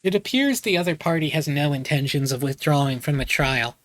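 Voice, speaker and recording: Game read: a man doing a polite, brisk secretary, light higher voice. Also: animated, a bit bright, dry recording. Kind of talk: reading game dialogue aloud.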